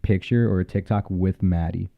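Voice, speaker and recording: An easygoing man co-hosting a casual podcast chat, with a very low voice. He rambles loosely through his stories. The sound is a bit muffled. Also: fairly even intonation, normal speed, creaky. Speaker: podcast co-host.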